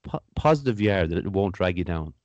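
A man in casual podcast chat, speaking in a reflective, measured way and repeating words as he thinks things through. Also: deep voice, expressive, a little mellow, no room sound, highs cut off.

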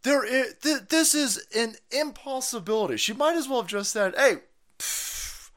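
A male streamer in a furious, profane political rant. His voice swings wildly in pitch, from low grumbles up to sharp yells. The tone is bright and cutting. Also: expressive, moderate pace. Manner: profane, shouting, sarcastic. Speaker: streamer host. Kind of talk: angry political rant on a livestream.

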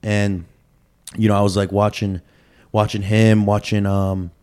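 A young man from Chicago telling stories in a relaxed, slangy chat full of fillers. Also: on the low side, measured pace, clear, resonant tone. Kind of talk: casual chat.

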